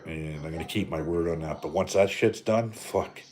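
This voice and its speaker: The host here is a middle-aged Canadian man ranting casually on a live stream, rambling and joking with a lot of swearing. He has a low-pitched, slightly mellow voice at a moderate pace.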